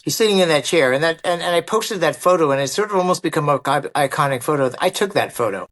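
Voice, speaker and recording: A man telling a long anecdote as an interview guest, acting out quoted lines with lively energy. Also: a little high, fast. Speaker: guest, martial artist and actor. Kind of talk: storytelling in an interview.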